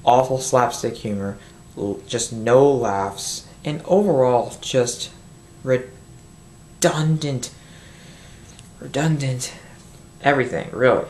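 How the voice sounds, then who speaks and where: A fed-up man tearing into a film in a rambling, cursing rant, often breaking off and starting sentences over. His voice sits at a middling pitch. It comes through a built-in camera mic in a roomy, echoing space with a faint hiss behind it. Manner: exasperated, rambling, swears, restarts sentences. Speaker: film reviewer. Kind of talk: angry movie review rant. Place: home room. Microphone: built-in camera microphone.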